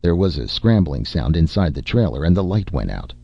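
Deep gravelly male audiobook narrator. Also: big pitch swings, brisk, warm tone, no room sound, dull audio. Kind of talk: scripted narration.

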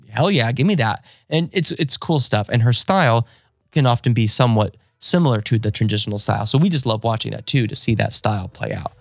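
Man, podcast co-host, casual chat, animated, quotes acted out with gusto, dry close mic. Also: medium pitch, no echo. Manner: animated, laughing, acting out quotes in exaggerated voices.

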